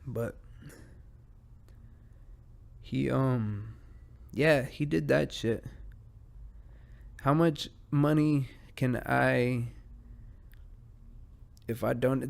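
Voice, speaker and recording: A man hosts a solo podcast, ranting in profane, rambling bursts; easily distracted, he drifts off mid-thought. His medium-pitched voice is creaky and slow, with frequent pauses.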